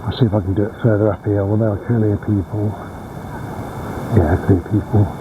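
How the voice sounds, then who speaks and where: A man's voice: fairly low pitch, steady tone, brisk. A man vlogging casually while walking his dogs outdoors, chatty and meandering, a little out of breath. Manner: meandering, chatty, self-correcting. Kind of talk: casual rambling chat. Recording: outdoor recording with background noise.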